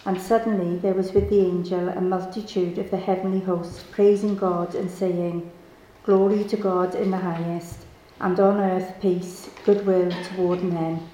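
Steady woman reading scripture. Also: lowish voice, a little slow. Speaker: Bible reader. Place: church. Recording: echoey church room with faint ambience.

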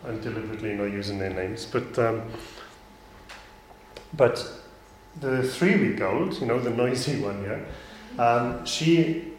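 A man's voice: mid-range voice, measured pace, pauses often, slight background noise. Echoey man preaching a sermon. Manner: plain conversational preaching with asides and restarts. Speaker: pastor. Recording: echoey room.

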